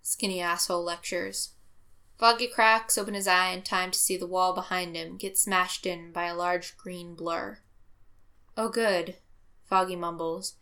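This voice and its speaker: A woman narrating a story aloud with a lively, expressive reading. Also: lowish voice, normal speed. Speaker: reader. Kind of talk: audiobook narration of fan fiction.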